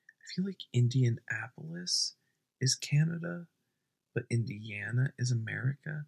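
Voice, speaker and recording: A young man doing a deadpan comedy bit at home at night, rambling and often dropping to a whisper. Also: mid-range voice, a little slow, creaky, husky.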